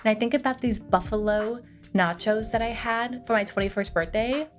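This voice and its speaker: Young woman gushing thru a movie recap, lots of likes, swears, kinda high voice, faint music under it. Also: normal speed. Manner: chatty, filler-heavy, swears freely. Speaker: movie reviewer.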